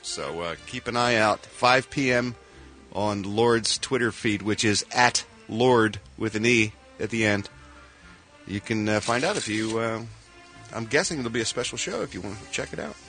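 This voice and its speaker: Punning man with a bright voice. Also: on the low side, moderate pace, faint music behind. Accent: Philadelphia. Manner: playful, punning, laughs at own jokes. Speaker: showbiz news host. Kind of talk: radio show banter.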